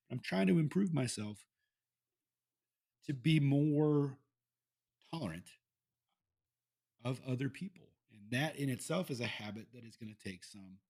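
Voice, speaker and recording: A man's voice: mid-range voice, vocal fry, darkish tone. A man hosts a solo podcast in a candid, conversational way. He swears freely and often restarts his sentences as he thinks aloud. His voice sits in a mid range. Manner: candid, profane, rambling with restarts. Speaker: podcast host. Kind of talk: casual solo podcast talk. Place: Iowa.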